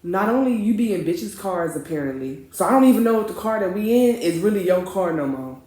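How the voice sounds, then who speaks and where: A young woman spills a messy dating story straight to her viewers, animated, profane and full of slang. Her voice sits at an ordinary middle pitch. The room around her rings with a noticeable echo. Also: a little fast. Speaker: vlogger. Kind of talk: casual storytime vlog. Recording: roomy, echoey room.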